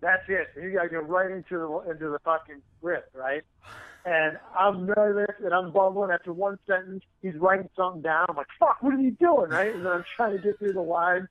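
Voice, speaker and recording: Animated, cursing male comic guest, higher voice, tinny dry phone-quality audio. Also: a little fast, no echo. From San Francisco area. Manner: animated, profane storytelling with acted-out quotes. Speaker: comedian guest. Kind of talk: storytelling in casual interview.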